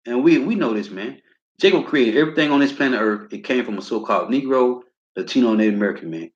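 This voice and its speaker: A man teaching from scripture in a preaching style, reading verses slowly and with emphasis and tagging his lines with a casual filler. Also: mid-range voice. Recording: roomy, dull lo-fi sound.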